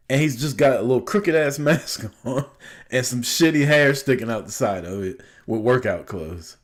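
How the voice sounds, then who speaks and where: A man co-hosting a podcast, telling a profane, animated story in casual chat. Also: medium pitch, fairly quick. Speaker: podcast co-host.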